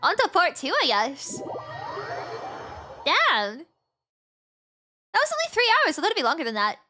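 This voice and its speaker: A woman streamer giving casual, excitable gameplay commentary, swearing and boasting freely. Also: sits high, unhurried. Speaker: VTuber streamer. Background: game music.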